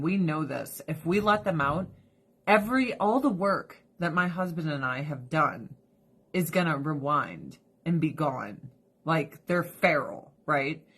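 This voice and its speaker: A woman's voice: on the low side, slight background noise. A woman vlogging from home, chatting casually and bluntly while doing her skincare, swearing freely. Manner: profane, blunt and animated, with lots of acted quotes.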